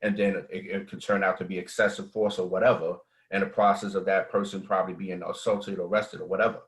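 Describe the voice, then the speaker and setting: A man with a very low voice, a guest in a casual panel discussion. He rambles through long sentences, leaning on "you know" as he works through his point. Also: little pitch movement, fairly quick, rough recording. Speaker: podcast guest.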